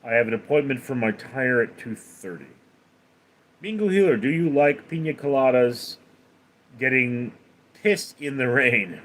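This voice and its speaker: A man hosts a casual livestream, reading out viewers' questions and answering them one by one. He talks slowly and hesitates often. His pitch rises and falls in lively swings. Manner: chatty and rambling, hesitant with ums. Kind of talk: casual live chat.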